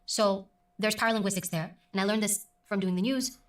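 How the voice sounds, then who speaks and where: A middle-aged woman who works as a news presenter, talking emphatically and deliberately as an interview guest. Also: medium pitch, reverberant, recorded from a distance. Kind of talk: conversational interview.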